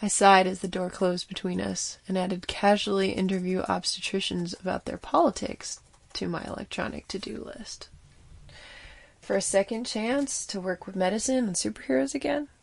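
A woman's voice: medium pitch, steady tone, moderate pace, gravelly, no room sound. A woman reading a scripted first-person audio drama as narrator, with a wry storytelling manner.

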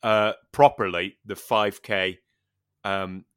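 A man's voice: fairly low pitch, fairly even intonation, takes it slowly, smooth. A man on a casual podcast chat, telling an anecdote and acting out the lines of the people in it. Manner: storytelling, acts out quoted dialogue, swears casually. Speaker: podcast co-host.

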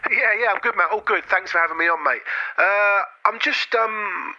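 A man's voice: high voice, normal speed, pitched above the performer's own voice, lightly acted. A man putting on a hesitant football fan calling in to a radio show, who mumbles and stalls. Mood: glum. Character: hesitant male London football fan caller. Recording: tinny phone line.

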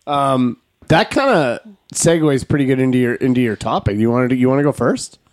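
Podcast host, man, mid pitch, easygoing chat, playful asides. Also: brisk, no echo, studio quality.

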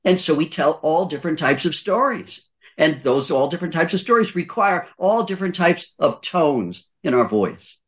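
A man's voice: on the high side, sing-song, moderate pace, fairly bright tone. An older man giving voice-over advice in a podcast conversation, emphatic, repeating his points and asking rhetorical questions. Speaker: guest voice-over coach.

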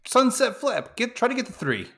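A man's voice: very high voice, sing-song, normal speed, a bit bright. A man co-hosting a podcast, joining in with short jokey asides during a movie recap. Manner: chimes in with short jokey asides and wrestling talk. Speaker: podcast co-host. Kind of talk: casual comedic banter.

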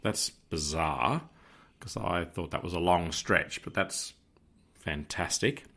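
A man co-hosting a podcast in casual chat, measured, dry and teasing. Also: low voice, gravelly, sharp tone. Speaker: podcast co-host.

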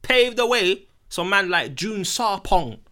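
A man's voice: high-pitched, lively intonation, slow pace, bright, forceful tone. A young man with a London accent, co-hosting a podcast with opinionated, joking chat full of slang. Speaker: podcast co-host. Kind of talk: casual banter.

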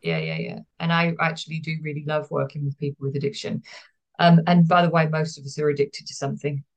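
A woman's voice: deep voice, lively intonation, quick pace. A woman therapist, speaking as a guest in a podcast interview, explaining earnestly and repeating words for emphasis.

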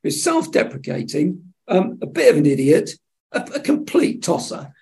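A man, a television executive, telling lively anecdotes in an interview and acting out the dialogue. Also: high-pitched, normal speed, creaky. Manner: animated storyteller acting out dialogue. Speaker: television executive, podcast guest.

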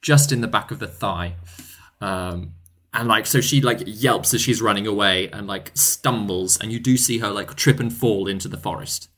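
A man's voice: on the low side, normal speed, a bit bright. A man running a tabletop game as game master, narrating casually with many fillers.

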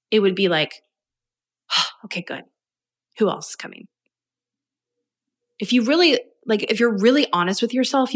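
A young adult woman, a business coach, talking casually and energetically on her own podcast. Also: medium pitch. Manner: chatty, upbeat, energetic. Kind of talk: casual solo podcast talk.

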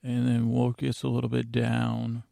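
A man's voice: medium pitch, monotone, a little slow, creaky, dark tone, no echo, studio quality. A man hosting a sleep podcast, recapping a story in a rambling, meandering, drowsy way. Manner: droning, meandering, drowsy delivery. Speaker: podcast host.

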